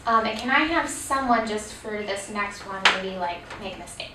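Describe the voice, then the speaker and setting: A woman's voice: medium pitch, expressive, normal speed, recorded from a distance, heavy background noise. A woman presenting a teacher training workshop on reading, explaining patiently with frequent ums. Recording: echoey room, voice off-mic.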